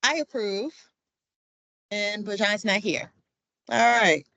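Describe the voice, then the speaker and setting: A woman chairing a commission meeting runs roll call loosely and upbeat, with plenty of fillers, at an unhurried, drawn-out pace. Her mid-range voice is gravelly with a sharp tone, and the recording sounds close and dry, with no room around it.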